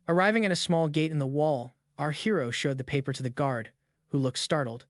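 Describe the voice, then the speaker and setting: A male narrator reading a comic recap in a brisk, even storytelling way. His voice is a bit high for a man. It sits right on the mic with no room sound at all. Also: no echo, clean studio sound.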